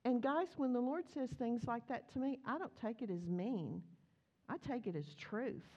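This muffled recording captures a woman with a slightly high voice speaking at a normal pace. She's preaching in church in a lively, talkative way, telling stories and performing each character's lines.

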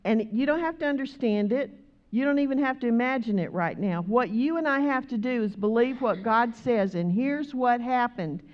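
A woman preaching a sermon, moving from conversational talk to loud, rhythmic exhortation. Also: fairly high pitch, lively intonation, moderate pace, lo-fi sound.

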